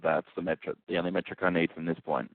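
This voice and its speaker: Casting note: deep-voiced male support agent, fast and clipped, dry phone-line sound. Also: no echo. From Australia. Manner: flat, procedural, calls the caller mate. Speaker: customer service agent. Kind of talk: scripted customer service call.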